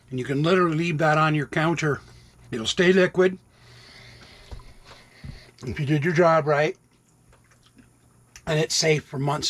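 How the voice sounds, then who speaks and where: A man in his sixties, an RV vlogger, has a slightly high, somewhat bright, husky voice. He rambles casually while cooking in his RV kitchen, occasionally talking to his cats.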